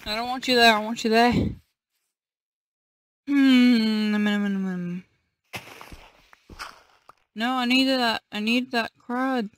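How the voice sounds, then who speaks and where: A woman's voice: fairly high pitch, fairly even intonation, takes it slowly, long pauses. A woman casually commenting on her own gameplay, muttering to herself in a playful, silly way. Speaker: gaming channel host.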